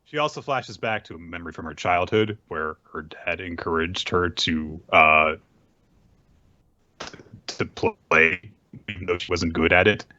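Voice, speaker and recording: A man's voice: sits low, pushed and bright. A man co-hosting a podcast, chatting casually and laughing as he recaps a comic. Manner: laughing, quick to slip into voices. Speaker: podcast co-host. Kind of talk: casual chat, recapping manga. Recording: dull lo-fi podcast audio.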